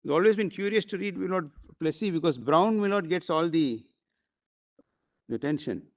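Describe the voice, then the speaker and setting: A man arguing a case before judges in a courtroom, formal and deferential, often pausing with fillers. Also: fairly high pitch, animated. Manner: formal, constantly addressing the bench, hesitant fillers. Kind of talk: courtroom legal argument.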